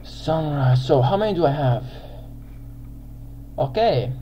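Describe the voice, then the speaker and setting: A young man giving casual gameplay commentary as a channel host, excitable and quick to yell in frustration at other players. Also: on the high side, highs cut off, a little hiss or hum.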